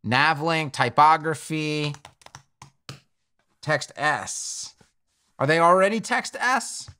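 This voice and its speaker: A man with a bright, crisp voice walks through a web build at his desk mic. He talks slowly and thinks out loud, adjusting values and correcting himself as he goes. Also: on the high side, animated. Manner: thinks aloud while clicking through settings, self-correcting. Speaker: web development tutor. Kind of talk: screen-recorded coding tutorial.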